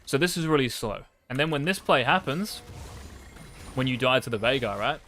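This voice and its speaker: Young man, game coach, blunt and sweary, casual slang, mid-pitched voice. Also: animated, normal speed, fairly bright tone, faint music behind. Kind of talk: blunt gameplay coaching over a replay.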